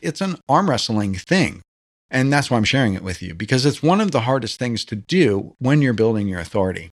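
A man hosting a solo podcast on branding, talking in a conversational, animated way and firing off rhetorical questions. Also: medium pitch, brisk.

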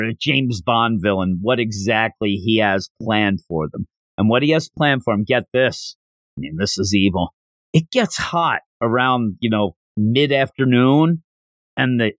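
A man's voice: on the low side, a bit bright, dry recording. A man hosting a manga review podcast, chatting casually as he recaps the plot with wry jokes. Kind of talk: casual solo review chat.

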